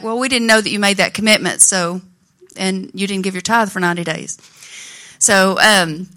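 A woman's voice: mid-range voice, bright, forceful tone. A middle-aged woman giving an earnest, heartfelt personal testimony to her church congregation. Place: church sanctuary.

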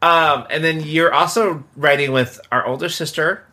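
A man's voice: fairly high pitch, normal speed, bright, forceful tone. A man hosting a podcast, chatting casually and teasing his guest playfully. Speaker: podcast host. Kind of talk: casual chat.

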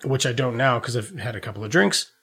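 A man who calls himself a dad co-hosts a podcast, rambling through a movie plot in a casual review chat with lots of swearing and frequent laughter. His medium-pitched voice is lively and quick, with a fairly bright tone and a breathy edge.

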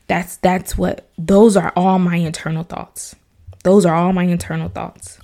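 A woman's voice: fairly low pitch, level tone, measured pace, mellow. A young adult woman hosting a personal podcast, speaking earnestly and emotionally, repeating herself and sometimes dropping to a whisper. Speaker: podcast host, mother.

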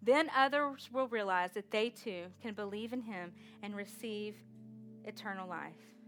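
A woman preaching a sermon with energetic call-and-response exhortation. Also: mid-range voice, measured pace, faint music behind.

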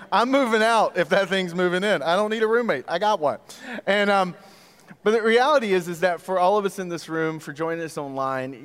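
Brief: male guest pastor, 30s, smooth and a bit high, joking storyteller, echoey hall. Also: a bit bright. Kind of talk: sermon. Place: church auditorium.

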